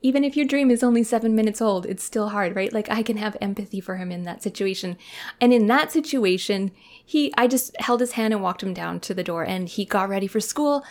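A woman in her thirties hosting a casual podcast monologue, earnest and reflective, often dropping into a soft whisper. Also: medium pitch, fairly quick. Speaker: podcast host.

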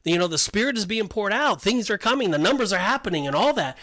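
A man with a fairly high voice talks through a Bible passage in a relaxed podcast chat. He slips into quick acted-out asides to voice what people might say. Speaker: podcast co-host. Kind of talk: casual Bible discussion.

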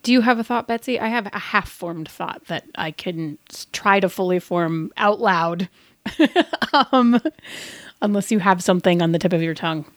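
A woman running a tabletop role-play, chatting casually in a playful way with quick asides and laughter. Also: lowish voice, dry recording, clean studio sound.

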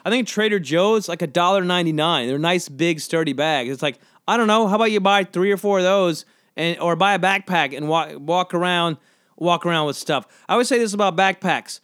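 A man from the American South hosts a casual solo podcast, thinking out loud in loose, rambling sentences full of fillers and second thoughts. His voice sits fairly high for a man. The sound is dry and close, with no room echo. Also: brisk, clear, resonant tone. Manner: rambling, self-questioning, lots of fillers. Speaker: podcast host.

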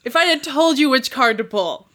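A woman running a tabletop role-playing game, narrating playfully with quick asides and laughter. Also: high voice, expressive, bright, forceful tone. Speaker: game master.

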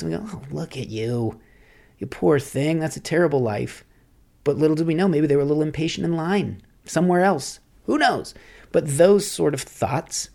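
Male podcast host, gravelly, reflective rambling monologue. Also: on the high side, warm tone. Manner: musing, rambling, philosophical.

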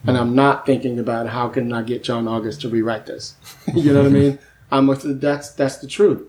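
A man who works as a screenwriter, talking casually as a podcast guest and telling animated stories about his work. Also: medium pitch, a little fast. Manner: lively storyteller who acts out quoted voices; keeps asking "you know what I mean?".

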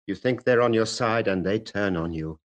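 An actor playing a smooth, mocking fire captain in a vintage radio drama, taunting a younger fireman with quotations. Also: on the low side, normal speed, lightly acted, rough recording. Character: silky, mocking male fire captain who loves quotations.

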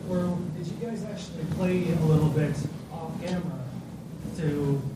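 A man's voice: fairly high pitch, steady tone, normal speed, very noisy. A man in the audience earnestly asking the panel a question, heard through a distant, echoey audience mic.

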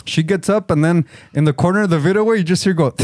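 Young la dude spinning a story, swears a lot, voice sits kinda high, dry close sound. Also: male voice, fast talker, darkish tone, dry recording. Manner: profane, storytelling, tags lines with slang. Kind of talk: casual chat.

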